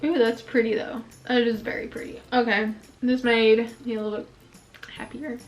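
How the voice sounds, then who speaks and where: A woman's voice: a little high, fairly even intonation, normal speed, muffled recording, soft background music. A young woman filming a casual makeup review at home, chatting and venting her frustration, a bit out of breath. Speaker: beauty vlogger. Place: indoors at home, filming herself.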